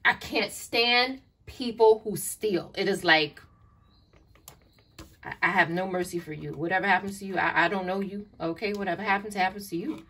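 A woman's voice: fairly low pitch, steady tone, brisk, pushed and bright. Woman tarot reader, blunt and profane, recorded a little off-mic with a faint hiss. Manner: blunt, profane and exasperated, addressing the listener as child. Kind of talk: online tarot reading. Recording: distant mic, faint noise and clicks.

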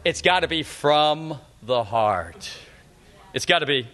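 High-voiced, bright, lively male preacher. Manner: emphatic, repetitive preaching with slowed punchlines. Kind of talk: sermon. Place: church sanctuary.

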